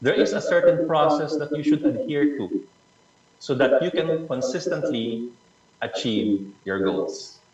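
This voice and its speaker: A man's voice: a little high, expressive, a little slow, a little mellow, very echoey. Man from the Philippines running an online workshop; encouraging, repeats key words; distant, muffled call audio. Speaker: presenter leading a learning session. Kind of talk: online club workshop talk. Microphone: video call.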